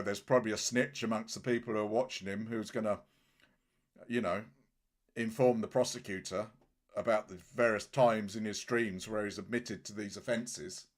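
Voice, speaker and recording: A man hosting a casual livestream, talking bluntly and scornfully in a rambling way with many restarts. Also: medium pitch. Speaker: livestream host.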